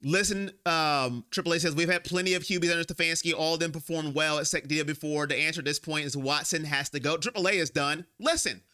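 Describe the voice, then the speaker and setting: A man with a slightly high, piercingly sharp voice hosts a live fan stream. He talks in an emotional, rambling way, speaking straight to his viewers as he vents. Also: brisk, few pauses. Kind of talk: sports fan live-stream venting and reading chat. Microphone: own microphone.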